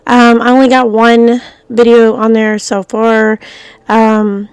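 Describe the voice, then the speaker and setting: A woman's voice: on the high side, monotone, slow pace, clean tone, no room sound. A middle-aged woman with a groggy voice after coughing, chatting casually to her viewers in a rambling way, full of fillers and restarts. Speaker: vlogger. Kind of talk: casual rambling talk to camera.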